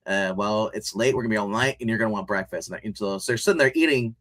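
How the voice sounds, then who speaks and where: Casting note: man, casual show reviewer, rambling and animated, keeps restarting his sentences. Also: lowish voice, quick pace. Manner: rambling and animated, many restarts and laughs, retells scenes. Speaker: podcast co-host reviewing a TV show.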